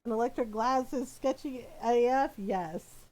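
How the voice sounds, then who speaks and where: A woman's voice: fairly high pitch, a little slow, poor audio. A woman streamer in casual chat, telling a story with frequent laughter. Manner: animated storytelling, laughs often.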